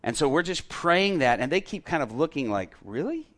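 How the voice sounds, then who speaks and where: A middle-aged male pastor telling a story in a sermon, acting out the dialogue and getting loud at the punchlines. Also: on the high side, lively intonation, a little fast. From Chicago area.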